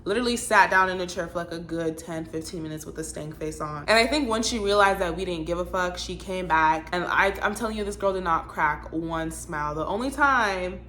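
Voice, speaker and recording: A woman telling a storytime vlog in a blunt, animated, exasperated way. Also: on the low side, fairly quick, hardly any pauses, a little hiss or hum. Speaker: vlogger.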